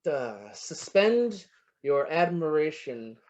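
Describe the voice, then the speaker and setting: An actor playing a flattering, lovestruck poet in an amateur online stage play, savoring each word and muttering to himself. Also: mid-range voice, takes it slowly, dull audio. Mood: musing. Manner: florid, wooing, savoring words, muttering to himself. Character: lovestruck, flattering William Shakespeare, a playful poet.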